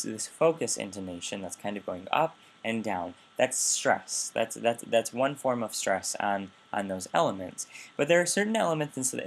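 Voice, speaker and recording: A man's voice: medium pitch, vocal fry. A man giving a recorded linguistics lecture, explaining carefully and often correcting himself mid-sentence. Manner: explanatory, with frequent restarts and self-corrections.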